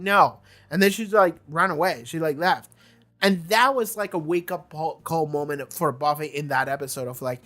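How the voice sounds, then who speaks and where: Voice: mid-range voice, lively intonation, a little fast, fairly bright tone. A young adult host talking through a TV season in a rambling, casual review, repeating words and filling with "like".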